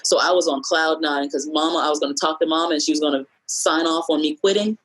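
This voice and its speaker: A middle-aged woman telling an emotional personal story on a podcast, reflective and measured, with many pauses and fillers. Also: deep voice, fairly even intonation, fairly bright tone, low-quality recording.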